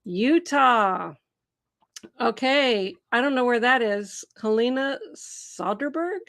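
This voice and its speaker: A middle-aged woman from the Seattle area, USA, hosts a live Q&A stream, bubbly and laughing often as she greets viewers and reads their comments. Her voice is on the high side, gravelly and fairly bright, with lively intonation and a slow pace.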